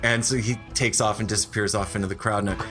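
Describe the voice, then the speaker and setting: A man's voice: lowish voice, fast, soft background music. Middle-aged man telling a story animatedly. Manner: animated, stammering restarts, acts out scenes. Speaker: podcast guest. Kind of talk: casual storytelling chat.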